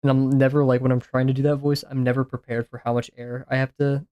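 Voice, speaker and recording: A man's voice: mid-range voice, little pitch movement, fast talker, clear, resonant tone, no echo, highs cut off. A man musing aloud as he draws, his talk loose and full of fillers and restarts. His voice sits mid-range and sounds dry and close, with almost no room around it. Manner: rambling, filler-heavy musing. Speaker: art streamer. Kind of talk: casual chat while drawing.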